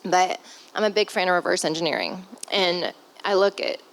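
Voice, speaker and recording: A woman in her thirties, a stepmother appearing as a guest on a family podcast, talks candidly and from the heart, close to tears, with sighs and the occasional swear. Her fairly low voice is gravelly and animated at a normal speed, and the recording is rough.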